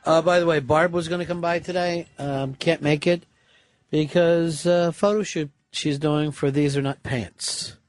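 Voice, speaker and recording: Dry questioning radio host. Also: male voice, fairly high pitch, steady tone, measured pace, no room sound. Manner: dry, questioning, steers the talk. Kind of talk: casual radio talk, taking calls. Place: radio studio.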